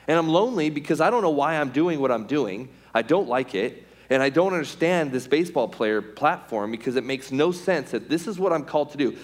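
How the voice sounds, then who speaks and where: Animated man telling a story. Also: fairly high pitch, fairly quick. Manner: animated, acts out scenes in quoted voices, many "like" and "right?". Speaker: former pro baseball pitcher giving a testimony. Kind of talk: storytelling testimony talk.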